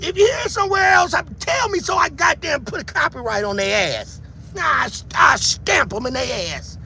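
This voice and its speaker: A man giving heated livestream commentary who shouts, taunts his viewers and keeps repeating a catchphrase. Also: very high voice, sing-song, moderate pace, creaky, a little hiss or hum.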